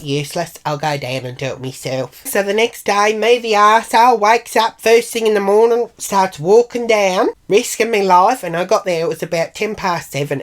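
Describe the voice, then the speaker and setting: Brash, foul-mouthed Australian woman, low voice. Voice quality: brash, profane, mimics others in high voices. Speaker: vlogger. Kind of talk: casual storytelling.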